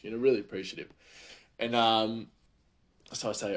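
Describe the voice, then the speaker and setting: A man's voice: lowish voice, steady tone, normal speed, pauses often. A man hosting a podcast, telling stories in a chatty, rambling way full of fillers. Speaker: podcast host. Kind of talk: casual storytelling.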